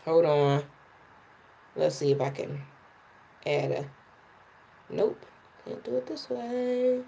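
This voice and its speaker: A woman's voice: low voice, animated, takes it slowly, gravelly, long pauses, warm tone, breathy edge. A woman hosting her own livestream, talking straight to viewers in a chatty way and often repeating words. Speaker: livestream host and poet. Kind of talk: casual livestream chat with viewers.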